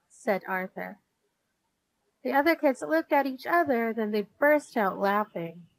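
A woman reading a children's storybook aloud in a gentle, unhurried way. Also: fairly high pitch, lively intonation, vocal fry, no echo, low-quality recording. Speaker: storybook reader.

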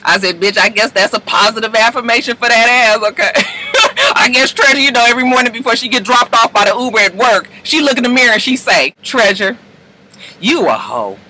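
Sassy, animated woman recapping TV. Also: brisk, slight background noise, low-quality recording. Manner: animated, profane, sassy storytelling with high-pitched quoted voices. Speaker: reality TV recap vlogger. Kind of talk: casual recap commentary.

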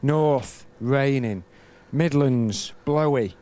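A man's voice: medium pitch, dark tone. A man playing a cheeky comedy weatherman, rattling off teasing one-liners. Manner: camp, teasing patter in rapid one-liners. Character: cheeky male weather presenter Sheephead, mischievous.

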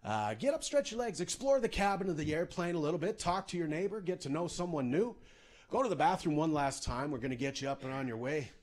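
A man's voice: on the high side, expressive, fast talker, darkish tone. A man doing a breezy airline captain's announcement. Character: cheery male airline captain making a cabin announcement.

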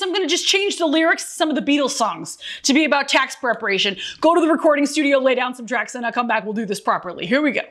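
A woman in a comedy sketch playing an upbeat, scatterbrained worker who is quickly distracted, talking in a chirpy, scattered way. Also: high voice, a bit bright. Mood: forced-cheery.

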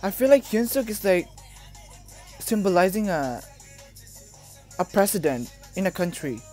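A woman's voice: medium pitch, sing-song, a little slow, mellow. A young woman from the Philippines, gushing and emotional as she reacts to a music video, exclaiming often.

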